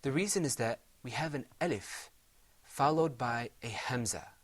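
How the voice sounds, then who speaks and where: A man's voice: mid-range voice, moderate pace. A middle-aged man teaching Quran recitation in a televised lesson, patiently explaining step by step and chanting Arabic examples.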